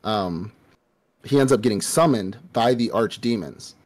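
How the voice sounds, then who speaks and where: A man with a fairly low voice recaps an anime story for his co-host. He talks in loose, profane casual chat. Now and then he slips into the characters' voices to act out their lines. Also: unhurried, darkish tone. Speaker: podcast co-host.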